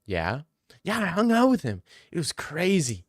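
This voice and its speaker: A man voicing a gushing young woman girlfriend who stumbles over her words in excitement. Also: on the high side, moderate pace, dry recording, clean studio sound. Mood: excited.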